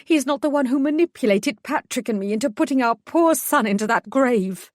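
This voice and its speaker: A woman's voice: lively intonation, fairly quick, no room sound, clean studio sound. A woman voicing a grieving, furious middle-aged mother who accuses and shrieks, in an audiobook. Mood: accusing. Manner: accusing, raw and shrill. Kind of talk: audiobook character voice.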